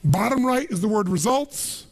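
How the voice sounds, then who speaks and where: Gravelly raspy guy fired up at a seminar, high voice, keeps quizzing the crowd. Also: expressive, normal speed. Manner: emphatic, calls out questions for the crowd to answer. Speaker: motivational speaker. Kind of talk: motivational seminar talk to a live audience.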